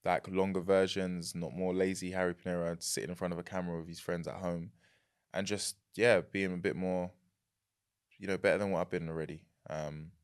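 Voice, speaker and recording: A young man with a London accent, chatting as a podcast guest, animated and quick to laugh. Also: low voice, clean tone. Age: young adult. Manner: animated, laughs easily, repeats words. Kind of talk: casual chat.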